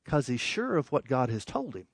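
A man's voice: medium pitch, huge pitch swings, husky, no echo. A man preaching a sermon, reading verses and explaining them with emphatic rises and dramatic drops. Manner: emphatic, rising and falling, with dramatic pauses.

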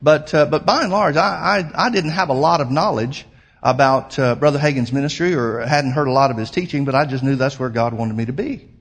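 A man's voice: mid-range voice, brisk, slightly rough. A middle-aged man preaching a sermon as pastor, stressing his points with rising emphasis and slipping into a rambling personal story full of fillers.

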